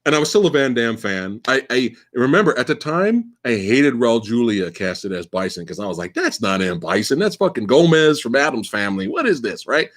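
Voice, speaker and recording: A man in his forties hosts a live Q&A livestream, talking at a normal speed in a medium-pitched voice with few pauses. He's animated, rambling, and profane, repeating words in stammering restarts of his sentences.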